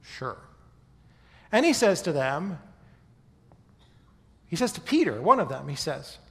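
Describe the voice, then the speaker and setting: A man's voice: fairly high pitch, very animated, unhurried, vocal fry, long pauses, big-room sound. A man giving a talk to an audience in a conversational teaching manner, often checking in with his listeners. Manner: conversational lecturer, often checks in with "okay?" and "right?". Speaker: speaker giving a talk on faith and history. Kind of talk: presentation to a live audience.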